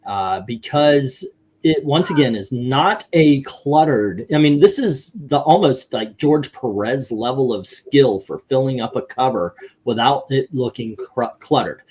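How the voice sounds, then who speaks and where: A man's voice: medium pitch, lively intonation, a little slow, darkish tone, slightly rough. A man hosting a casual panel that ranks comic covers. He reads out viewer scores and rambles through his counting with lots of fillers. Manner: rambling, many fillers while counting aloud.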